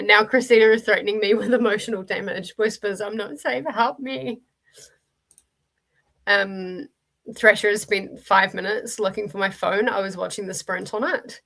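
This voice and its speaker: A New Zealand woman hosts a reading-sprint livestream, chatting and laughing often as she reads viewer comments aloud, with restarts and fillers along the way. Her voice is medium-pitched, gravelly and a bit bright.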